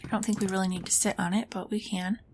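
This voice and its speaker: A woman plays a game and thinks aloud in casual let's-play commentary, musing and asking herself questions. She talks fast with a flat delivery, medium pitch and a darkish tone, over a little hiss or hum.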